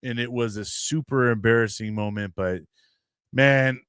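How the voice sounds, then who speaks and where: A man's voice: medium pitch, a little slow, clean tone, dry recording, clean studio sound. Rambling American man telling a story. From United States. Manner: rambling, animated storyteller acting out quoted voices. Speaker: podcast host. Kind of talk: casual storytelling.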